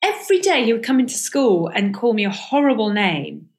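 A woman's voice: a little high, big pitch swings, fairly quick. A middle-aged woman comedian guest recalling school days in a candid, hesitant way, with many restarts. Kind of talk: reflective casual interview talk.

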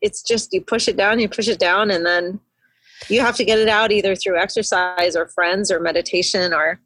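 A woman's voice: mid-range voice, fairly even intonation, normal speed, a bit bright, husky. A woman guest on a podcast, a hospitalist, chatting casually and telling stories with frequent laughs. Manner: chatty, laughs often, emotional storytelling.

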